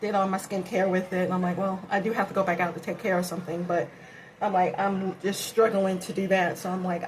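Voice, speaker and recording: A woman of middle pitch chats her way through a makeup tutorial, rambling and talking to herself as she works. She sounds tired and a little out of breath. A faint hiss sits under the home recording. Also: steady tone, brisk, rough recording. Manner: chatty, rambling, self-talk while applying makeup. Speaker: beauty vlogger. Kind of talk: casual makeup tutorial chat.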